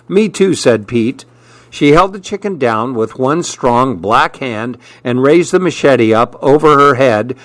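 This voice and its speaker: Slow, unhurried male audiobook narrator. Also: no room sound. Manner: unhurried storytelling, raising pitch for shouted dialogue.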